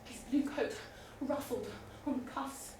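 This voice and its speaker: A young drama student with a high-pitched, slightly mellow voice performs a comic period monologue in a rehearsal room, speaking a little slowly. She's theatrical and giggly, plays every part herself, and is recorded in an echoey room from a distant mic with a little hiss or hum.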